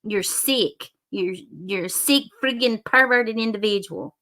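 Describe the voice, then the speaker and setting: A woman's voice: on the high side, unhurried, bright, forceful tone. A woman hosting a casual reaction commentary, blunt and profane and laughing often. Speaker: commentary channel host.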